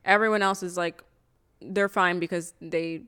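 A woman's voice: lowish voice, normal speed, smooth. Casual swearing young woman telling stories. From Toronto area, Canada. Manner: casual, swears a lot, animated storytelling. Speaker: podcast co-host. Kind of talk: casual storytelling chat.

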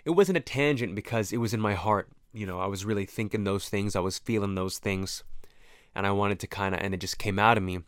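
A man's voice: lowish voice, fairly quick, fairly bright tone, clean tone, no room sound, studio quality. A man talking to camera in a rambling, profane, reflective monologue that keeps interrupting itself. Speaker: vlogger. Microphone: camera mic, close.

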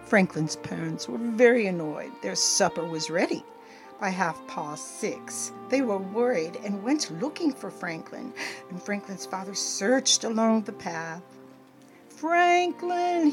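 An older woman gently reading a children's storybook aloud as the show's storyteller. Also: medium pitch, over music. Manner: slow, expressive, gentle reading. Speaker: storyteller host.

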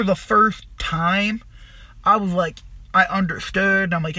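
A young man casually telling a long, profane, rambling story about his past, animated as he retells it. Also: high-pitched, unhurried, dry recording.

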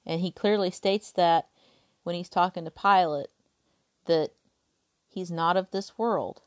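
A woman's voice: fairly low pitch, fairly even intonation, unhurried, no room sound, studio quality. A woman reading a Bible passage aloud and then talking it through casually and earnestly, with some restarts. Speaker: podcast host.

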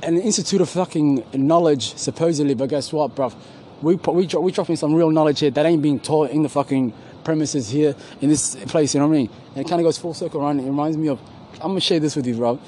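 A man's voice: a little high, quick pace, dark tone, slight background noise, low-quality recording. A man rambling in casual, profane slang, often searching for his words, outdoors on a university campus. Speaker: podcast co-host. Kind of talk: casual profane street chat.

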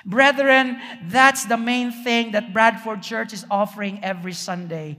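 A male pastor delivers a sermon in a notably high voice. He keeps asking the congregation rhetorical questions. His words ring out with a long trailing reverb in a church hall. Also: fairly even intonation, a little slow, pushed and bright.

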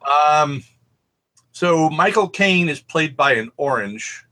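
A man's voice: fairly high pitch, animated, slow, pushed and bright. A man co-hosting a podcast, telling rambling anecdotes in casual chat and swearing freely. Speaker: podcast co-host.

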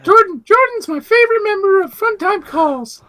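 A man voicing a friendly goofy cartoon gummy gator in a very high squeaky voice, cheery and sing-song. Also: lively intonation, moderate pace, bright, forceful tone, exaggerated voice.

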